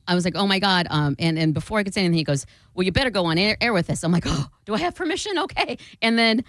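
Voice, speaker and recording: Animated woman telling a story on radio. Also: dry recording. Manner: animated storyteller, acting out quotes with big pitch jumps. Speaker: radio show co-host. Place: radio studio. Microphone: studio microphone.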